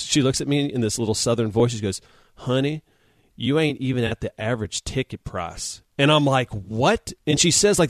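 A man co-hosting a sports talk show over a video call, telling stories in a lively way and acting out the quotes. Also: mid-range voice, dry recording. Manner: animated storyteller, acts out quotes. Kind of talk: casual storytelling chat.

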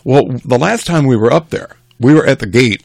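Gravelly older man telling a story. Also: mid-range voice, a little fast, no room sound. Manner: rambling, animated, chuckles while telling. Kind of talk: casual family storytelling.

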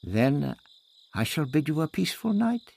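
A man's voice: on the high side, big pitch swings, normal speed, vocal fry, darkish tone, slightly rough, voice pushed up, heavily acted. A man voicing a proud, formal male Aztec warrior who speaks in a stately way.

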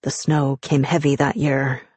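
A man narrating an audiobook in a measured, even manner. His voice is husky and mid-pitched, recorded dry and close on a studio mic. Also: dry recording.

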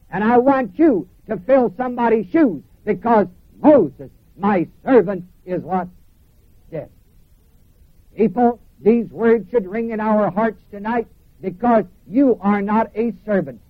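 High-voiced preacher on tinny radio. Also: male voice, no echo. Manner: emphatic, repeats phrases, asks congregation questions. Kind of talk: sermon.

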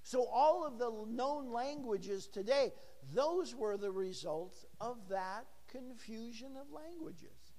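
A man's voice: very high-pitched, animated, takes it slowly, dark tone, long reverb tail. A middle-aged man preaching a sermon in a church, talking with the congregation and asking them questions. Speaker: pastor.

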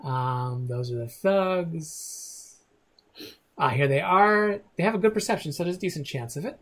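A man's voice: on the high side, expressive, brisk, a bit bright. A man narrating a tabletop game as game master, rambling with many restarts.

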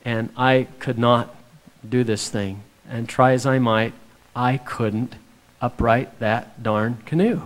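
A man giving a devotional talk to an audience, telling a personal story in an animated way and acting out the quotes. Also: medium pitch, slow. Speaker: speaker.

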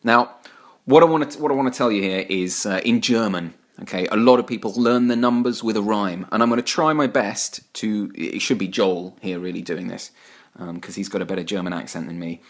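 A man's voice: on the low side, fairly quick. Playful man co-hosting a podcast. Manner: playful, teasing, builds up jokes. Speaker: podcast co-host. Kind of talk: casual chat.

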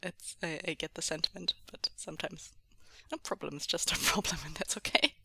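A woman narrates a story aloud at home, dropping into casual, laughing asides. Her voice is gravelly yet bright. The sound is close and dry. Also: low-pitched, brisk, dry recording. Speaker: podfic reader. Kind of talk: audiobook narration of fan fiction. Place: quiet home.

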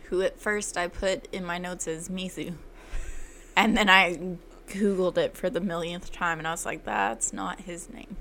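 A woman's voice: lowish voice, fairly even intonation, a little slow, creaky, a bit bright, slight background noise. A woman co-hosting a casual movie chat, cracking profane jokes and quips. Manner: joking, profane, laughs often. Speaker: podcast co-host.

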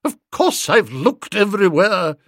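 A man's voice: high voice, very animated, unhurried, slightly rough, no echo, clean studio sound, pitched above the performer's own voice, full character voice. A man voicing a domineering older aunt who snaps and talks down to everyone in a haughty way. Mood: imperious. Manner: loud, snapping, haughty.

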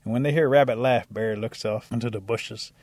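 A man telling a traditional animal folk tale in a lively, animated way. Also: mid-range voice, brisk, no room sound. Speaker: storyteller. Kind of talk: oral storytelling.

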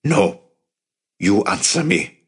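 A man voicing a stern, fierce middle-aged uncle who speaks in a low, firm, commanding way. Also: normal speed.

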